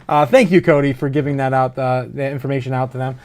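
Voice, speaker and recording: A man's voice: mid-range voice, fairly even intonation, quick pace, a little mellow. A man hosting a casual livestream, reading out chat comments and news with lots of fillers and frequent laughs. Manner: rambling, laughs often, many fillers. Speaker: crypto livestream host.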